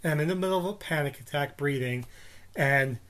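A man's voice: on the high side, a little fast, a bit bright. A man in his forties from New Jersey, co-hosting a podcast and telling a rambling story full of restarts and fillers. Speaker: podcast co-host. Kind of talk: casual storytelling chat.

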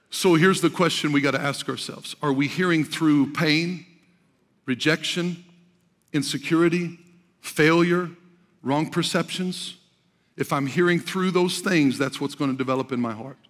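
A man pastor preaching a sermon with rising fervor, often shouting at the peaks. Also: fairly high pitch, measured pace, long pauses, long reverb tail.

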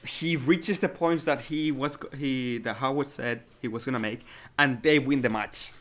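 A man co-hosting a podcast, talking about a film in a halting, enthusiastic way with many restarts. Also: medium pitch, fairly bright tone. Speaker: podcast co-host. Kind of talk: casual film discussion.

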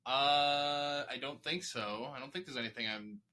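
Easygoing podcast co-host, man, very bright voice, short replies. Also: mid-range voice, moderate pace. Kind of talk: casual chat.

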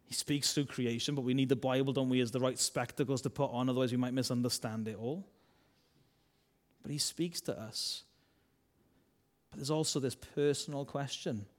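Male preacher, chatty sermon delivery, rhetorical tag questions, mid-pitched voice. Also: steady tone, moderate pace. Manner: conversational, asks rhetorical questions; acts out voices of biblical characters.

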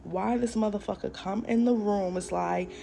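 A woman's voice: medium pitch, fairly even intonation, normal speed, creaky, dark tone, a little hiss or hum. A young woman hosting a casual storytime vlog, talking bluntly and profanely straight to her viewers. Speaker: podcast host. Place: at home doing makeup.

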